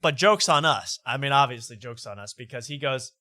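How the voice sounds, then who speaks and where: A man's voice: mid-range voice, fairly quick, sharp tone, no echo, studio quality. A man hosting a late-night comedy talk show, reading posts aloud mockingly with laughter. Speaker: host.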